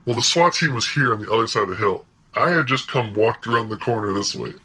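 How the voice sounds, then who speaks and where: A man recounts a story from his own life in relaxed, profanity-laced vlog talk. His voice is strikingly bright and strained, with a husky, rough grain. He keeps the delivery animated and often breaks into laughter between lines. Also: mid-range voice, fast talker, poor audio. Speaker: vlogger telling a personal story.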